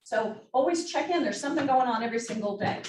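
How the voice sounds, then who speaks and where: A woman's voice: on the high side, animated, fast. Upbeat woman presenting in an echoey room. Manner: upbeat, joking asides. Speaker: meeting presenter. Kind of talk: office team meeting presentation. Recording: roomy, distant mic, faint noise.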